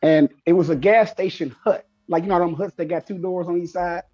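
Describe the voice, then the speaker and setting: A man telling a story in casual chat, animated and acting out the people in it. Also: sits high, fairly quick, highs cut off, crowd noise. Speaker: show co-host.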